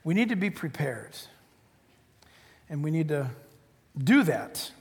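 A man's voice: a little high, very animated, slow, a little mellow. An American man preaching a sermon in emphatic, repetitive, punchy short phrases. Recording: long reverb of a large hall.

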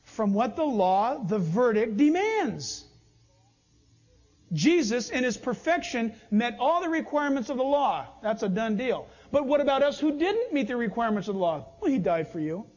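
A man preaching a sermon, his pitch leaping all over as he acts out small back-and-forth exchanges. His voice is high and a bit husky. The sound is dull and lo-fi. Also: normal speed. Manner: animated preaching, acts out little dialogues. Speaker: pastor.

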